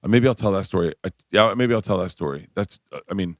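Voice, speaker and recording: Fast-talking fifty-something man telling stories. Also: no room sound, clean studio sound. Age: 50s. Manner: animated storyteller acting out quotes in a shrill voice. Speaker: comedian guest. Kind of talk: casual storytelling chat. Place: radio studio.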